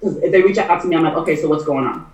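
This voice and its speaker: Brief: earnest, emphatic woman guest, quick delivery, recorded off-mic in an echoey room. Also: deep voice, a little mellow, recorded from a distance. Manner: earnest and emphatic, repeats key phrases. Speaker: matchmaker guest. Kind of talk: casual podcast chat.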